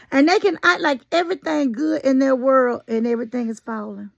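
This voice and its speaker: A woman's voice: high voice, moderate pace, creaky, dry recording, studio quality. A woman giving folksy, sassy casual commentary straight to her viewers. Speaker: commentary vlogger.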